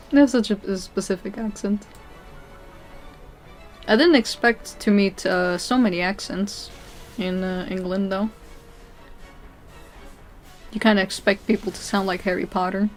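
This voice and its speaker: Young woman, from Portugal, live streamer, relaxed chat over gameplay, mid-pitched, chatty. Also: measured pace, pauses often, soft background music. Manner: chatty, answering chat, often laughing and trailing off. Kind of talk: casual chat while playing a video game.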